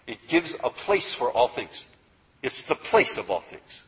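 In lo-fi sound, a man lectures his yoga philosophy class at a measured pace, his medium-pitched voice sing-song. He keeps it conversational and repetitive, frequently pausing to ask "okay?"

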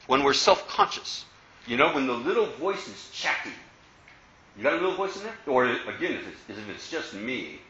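A man gives a dharma talk as a Buddhist teacher, his voice bright and full of swooping ups and downs. He teases his listeners with playful rhetorical questions, fairly high for a man. The recording sounds roomy and a little dull, with a faint hum behind.

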